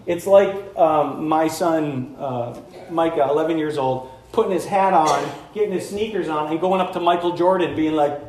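High-voiced preacher in an echoey hall. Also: male voice, normal speed. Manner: animated, conversational preaching with acted-out voices. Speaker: pastor. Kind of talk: sermon.

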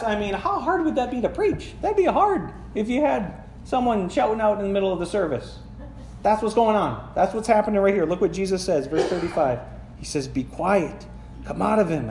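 This high-voiced pastor has a darkish tone as he reads scripture and talks it through in a conversational sermon, stopping to ask the congregation questions. The church sanctuary gives the sound a roomy quality, with slight background noise.

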